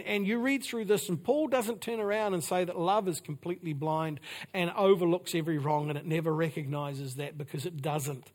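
Male preacher, higher-pitched voice, emphatic and repetitive delivery. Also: fairly even intonation, fairly quick. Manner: repetitive, emphatic preaching with sudden drops to quiet. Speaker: pastor. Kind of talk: sermon.

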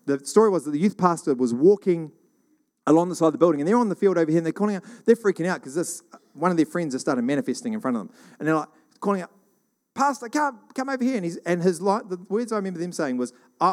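A middle-aged man from New Zealand telling rambling church stories in a casual, animated monologue. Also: a little high, fast talker. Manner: rambling, animated, acts out quoted voices.

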